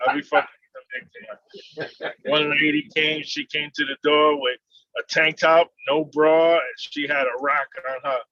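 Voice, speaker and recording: A man telling casual, animated stories about serving papers, laughing and swearing as he goes, over a video call. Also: on the high side, unhurried, dry recording. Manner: animated, laughing, swearing, acts out voices in anecdotes. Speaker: process server. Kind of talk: casual storytelling chat. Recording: dull, dry video call audio.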